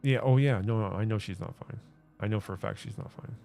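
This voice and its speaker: A man's voice: lowish voice, fast, creaky, dark tone, faint music behind. A man streaming, telling a personal story in an earnest, rambling way with many restarts and repeated words. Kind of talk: casual livestream chat.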